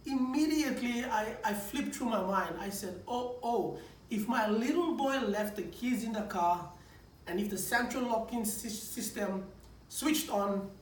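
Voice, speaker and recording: A high-voiced male preacher shares a personal testimony in a lively, storytelling style, stumbling through restarts and repeated words. He's recorded from a distance in an echoey room with faint background noise.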